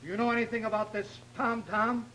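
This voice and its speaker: A brash police inspector barks orders in a high, bright voice. This is fast-talking 1930s film acting. Faint hiss sits on the old soundtrack. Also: male voice, fairly even intonation, low-quality recording. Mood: gruff.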